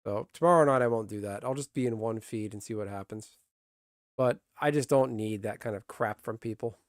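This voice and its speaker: A man's voice: on the low side, a little fast, dry recording, studio quality. Blunt, grumbling male streamer. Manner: blunt, swears freely, grumbling. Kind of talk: casual live-stream chat.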